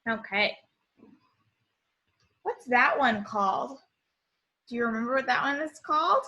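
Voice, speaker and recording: A woman teaching an online summer school lesson to young children, speaking slowly and cheerfully from a home computer. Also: on the high side, expressive, sharp tone. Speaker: kindergarten teacher.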